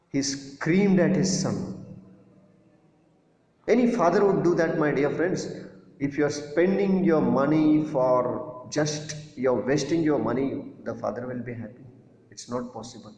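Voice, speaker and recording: A man's voice: on the high side, takes it slowly, pauses often, a little mellow. A male teacher explaining a story to students, asking questions and defining words. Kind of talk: classroom lesson explaining a story. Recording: echoey room with long reverb.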